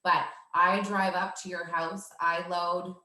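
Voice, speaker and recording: Bright-voiced woman dog trainer, echoey room. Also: on the low side, level tone, slow. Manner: assured, explanatory, laughs easily. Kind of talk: casual interview answers.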